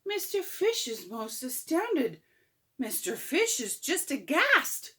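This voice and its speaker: A woman's voice: high-pitched, wildly swooping pitch, slow, sharp tone. An older woman reading a picture book aloud to children, with playful, chuckling asides to the listener.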